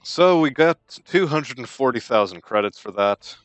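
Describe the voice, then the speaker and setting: A man's voice: mid-range voice, animated, moderate pace, dry recording, highs cut off, faint music behind. Dry, wry man narrating a game. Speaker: game commentator. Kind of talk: casual let's-play commentary.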